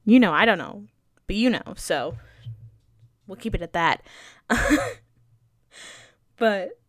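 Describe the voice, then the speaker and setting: A young woman hosting her own podcast, rambling chattily and poking fun at herself with lots of fillers. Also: mid-range voice. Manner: chatty, self-deprecating, digressive, heavy on fillers. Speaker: podcast host. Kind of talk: rambling solo podcast chat.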